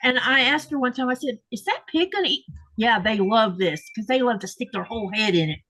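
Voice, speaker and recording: A woman with a somewhat high voice hosts a casual sewing live stream. She tells rambling home stories and reads out viewer comments in an easy, chatty way. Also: brisk, bright, forceful tone, slight background noise. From Florida. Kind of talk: casual chat while sewing.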